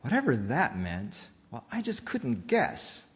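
A man's voice: mid-range voice, huge pitch swings, big-room sound. A man voicing a greedy factory owner who tells his own story in rhyme, read aloud in a church. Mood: sorrowful. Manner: rhyming storybook narration, slow and dramatic.

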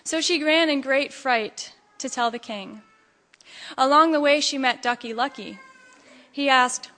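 Bright-voiced woman preaching in a ringing hall. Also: high-pitched, a little slow. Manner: expressive, animated storytelling. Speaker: pastor. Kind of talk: sermon with storytelling. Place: church sanctuary.

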